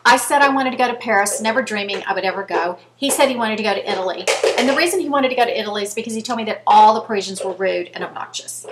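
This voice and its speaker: A woman's voice: medium pitch, racing, hardly any pauses, background noise. Chatty woman in her fifties. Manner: chatty, earnest storytelling, addresses viewers directly. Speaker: vlogger. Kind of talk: casual chat to camera.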